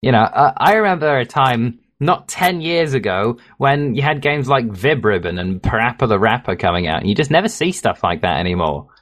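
A man's voice: medium pitch, animated, a little fast, hardly any pauses, fairly bright tone. This is an English man with a Midlands accent and a plain, mid-range voice. He co-hosts a casual podcast and drifts through his points, poking fun at himself as he goes. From England. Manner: rambling, self-mocking, laughs easily. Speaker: podcast co-host.

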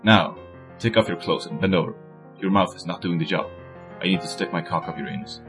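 Gloating domineering dictator read by a man, deep voice, mock-serious. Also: brisk, fairly bright tone, soft background music. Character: domineering male Soviet dictator, crude and gloating.

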